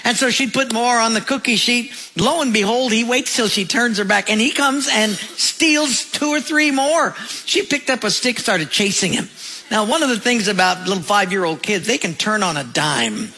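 A man preaching a sermon with a high, bright voice, telling stories in a lively way. He lets his voice fall low and soft at the close of key phrases. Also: normal speed. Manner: storytelling, drops low and soft at phrase ends. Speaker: pastor.

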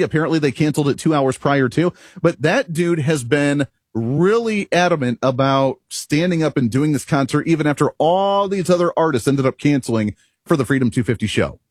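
Husky-voiced male talk radio host. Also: fairly high pitch, brisk, no echo, studio quality. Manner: emphatic, rhetorical, chuckles at himself. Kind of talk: opinionated talk radio monologue.

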